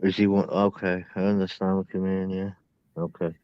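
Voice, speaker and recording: A man's voice: low-pitched, flat delivery, normal speed, clear, resonant tone, no room sound, dull audio. A man in a casual chat, offering encouragement in short remarks. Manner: encouraging, brief interjections.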